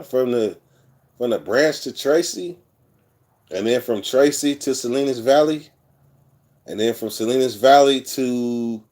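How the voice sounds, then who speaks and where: A man's voice: mid-range voice, a little mellow. Middle-aged man, rambling, candid, swearing freely, casual storytelling. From California. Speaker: vlogger telling prison stories.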